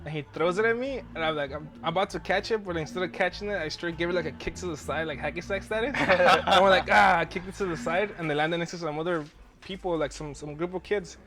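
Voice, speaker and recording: Fast-talking young man telling a story. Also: sits high, over music. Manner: rambling, profane, laughs through his story. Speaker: podcast host. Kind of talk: casual storytelling chat.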